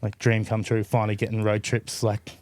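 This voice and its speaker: A man in his forties with an Australian accent, a podcast guest telling stories in a relaxed, loose way, full of fillers and swearing. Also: on the low side, brisk. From Adelaide, Australia. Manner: laid-back, heavy on fillers and swearing. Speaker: podcast guest, BMX rider. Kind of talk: casual storytelling.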